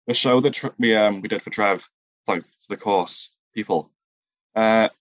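A man answering interview questions about improv, talking haltingly and often searching for the right word. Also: on the low side, no room sound. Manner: halting, searches for words, many fillers. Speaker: improv performer, guest.

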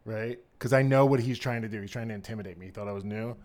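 A middle-aged person with a male-range voice, co-hosting a podcast in casual chat, telling campy, animated stories and laughing along. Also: lowish voice, fast talker. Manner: campy, animated storyteller calling everyone "girl". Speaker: podcast co-host.

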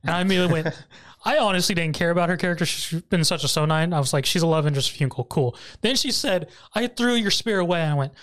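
A man's voice: fairly high pitch, quick pace, a bit bright. A man casually recapping an anime episode on a podcast, laughing often and briefly acting out the characters' lines. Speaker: podcast host.

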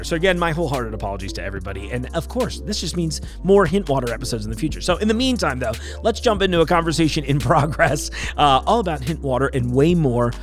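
A man hosting a podcast, talking casually in a rambling, apologetic way with laughs between thoughts. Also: medium pitch. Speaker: podcast host. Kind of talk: casual solo intro to camera.

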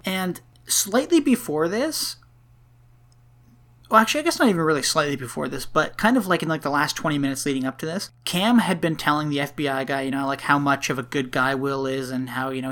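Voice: medium pitch, a bit bright. A podcast co-host casually recapping a movie plot, rambling and profane, with frequent laughs.

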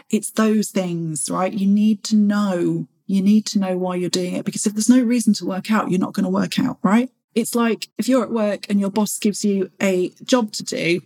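A woman's voice: mid-range voice, steady tone, normal speed, few pauses, warm tone. A woman, hosting a fitness podcast in a chatty, encouraging way. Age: 40s. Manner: chatty and encouraging, acts out her own inner voice. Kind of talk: motivational solo podcast talk.

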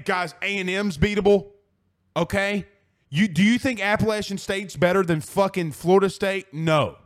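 A man hosting a sports talk radio show, ranting in a profane, fired-up way and hammering his points through repetition. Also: a little high.

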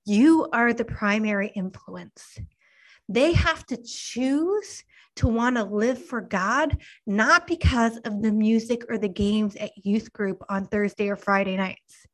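A woman in her thirties giving an earnest devotional talk to mothers, slow and emphatic, sometimes dropping to a hushed near-whisper. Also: on the high side, low-quality recording. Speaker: Christian speaker to mothers.

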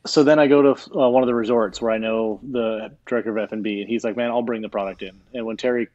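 A man's voice: medium pitch, fast talker, no room sound, dull audio. A man, a chef from Hawaii, telling a story in a casual interview and acting out what other people said. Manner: animated storyteller who acts out other people's lines. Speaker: chef and guest.

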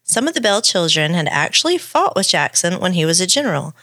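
A woman's voice: lowish voice, very animated, a little fast, a bit bright, no echo, clean studio sound. A woman co-hosting a podcast, reading a story aloud with playful asides. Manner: reads the script with playful asides. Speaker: podcast co-host.

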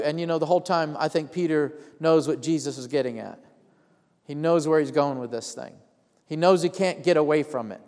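A man's voice: on the high side, normal speed, darkish tone, long reverb tail. A pastor preaching a sermon, telling a Bible story and calling out to his congregation.

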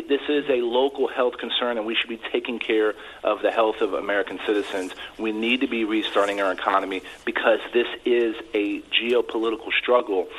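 A man's voice: fairly low pitch, a bit bright, slight background noise. A congressman giving earnest interview answers by phone, often repeating words as he starts his sentences. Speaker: congressman guest. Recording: tinny phone line.

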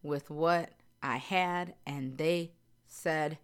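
A woman's voice: deep voice, steady tone, very slow, clean tone. A middle-aged woman speaking candidly and earnestly to her viewers, repeating phrases for emphasis. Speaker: vlogger. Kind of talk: candid personal talk to viewers.

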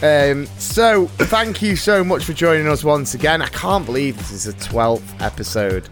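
A man's voice: on the high side, animated, moderate pace, fairly bright tone, faint music behind. A man hosting a casual podcast, joking, singing little snippets and laughing often. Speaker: podcast host.

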